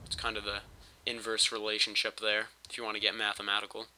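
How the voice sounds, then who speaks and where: A man's voice: lowish voice, monotone, quick pace, bright, forceful tone, a little hiss or hum. A man with a cold, rambling and joking crudely as he talks over his gameplay footage on a home mic. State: sick with a cold. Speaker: gaming channel host.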